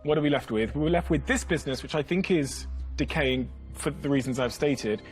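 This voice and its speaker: A young man, an investor, giving a calm, measured and firm verdict. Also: on the high side, faint music behind. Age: young adult.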